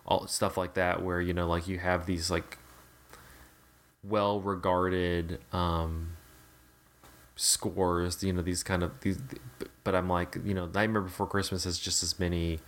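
A man's voice: low voice, flat delivery, unhurried. A man in casual podcast chat about a film, rambling with many fillers and restarts.

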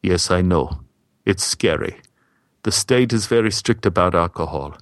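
A man voicing a stern, older Norwegian theater director in a story, speaking solemnly in a lowered, measured voice. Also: no echo, studio quality. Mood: grave.

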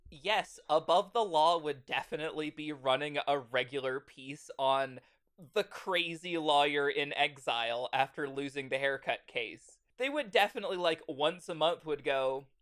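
A young adult woman co-hosting a comedic podcast, ranting in an animated, incredulous way. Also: sits low, normal speed. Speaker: podcast co-host. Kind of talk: comedic book-reading podcast.

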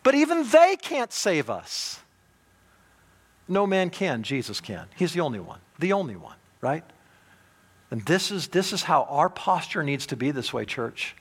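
A man preaching a sermon as pastor, emphatic, swinging between loud urgent points and hushed low ones. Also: wildly swooping pitch, a little slow, husky. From United States.

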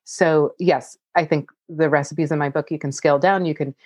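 A woman's voice: low voice, steady tone, normal speed, a little mellow, dry recording, dull audio. A woman cookbook author answering audience questions in casual chat, laughing often and saying "like" a lot. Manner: chatty, laughs often, many "like" fillers.

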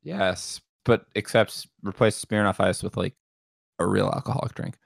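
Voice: low-pitched, lively intonation, moderate pace, creaky, dry recording, clean studio sound. A podcast cohost in casual chat, giving short agreeing replies and playful asides.

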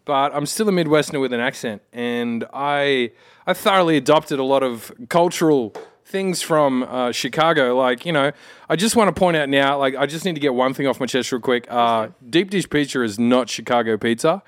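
A man's voice: medium pitch, normal speed, no echo. A man with an Australian accent, a podcast guest, chatting casually and telling rambling, self-mocking stories. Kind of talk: casual chat.

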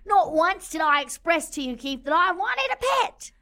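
A woman voicing a big, strong male sailor who is gruff but sensitive, melodramatic and swinging between indignant shouting and tearful mumbling. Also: very high-pitched, big pitch swings, normal speed, full character voice.

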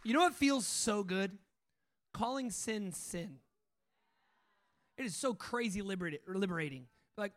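A young male speaker with a noticeably high voice delivers a loose, conversational sermon. He tells stories with excitement and breaks into easy laughs. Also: a little slow, long pauses. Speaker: speaker at a training school. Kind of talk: informal sermon talk.

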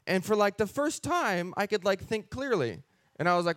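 A man sharing his personal faith testimony in an earnest, animated way, often acting out his own thoughts. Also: high-pitched, moderate pace, no echo, clean studio sound.

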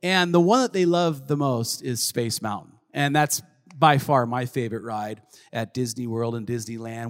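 A man in his thirties co-hosting a faith talk show, telling a family story in a rambling, animated way full of fillers. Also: mid-range voice. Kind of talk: casual storytelling with a spiritual lesson. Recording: long hall reverb.

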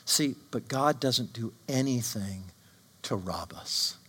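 Guy preaching a sermon, really animated pitch, bright forceful tone, keeps asking the crowd questions. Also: slightly rough. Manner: emphatic preaching, rhetorical questions. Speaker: pastor.

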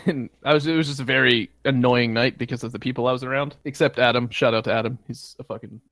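Young adult man, casual storyteller, lively and profane, dry close mic. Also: mid-range voice, fast talker, no room sound. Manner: animated, swears freely, acts out quoted lines.

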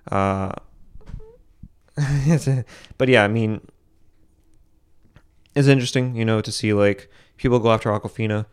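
A man's voice: on the low side, steady tone, measured pace, pauses often, smooth. A young man from Boston hosting a solo commentary podcast, rambling with frequent restarts and self-corrections. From Boston, USA. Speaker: podcast host.

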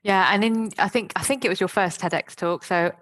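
Uma mulher apresentando um podcast, fazendo perguntas longas e hesitantes, cheias de pausas e "um". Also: female voice, medium pitch. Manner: warm, rambling questions with fillers. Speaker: podcast host. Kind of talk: podcast interview.

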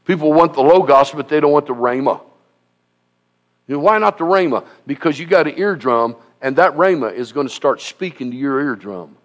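Man, pastor, sermon, emphatic, repetitive, fairly high voice. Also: lively intonation, moderate pace. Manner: emphatic, repetitive preaching with rising shouts.

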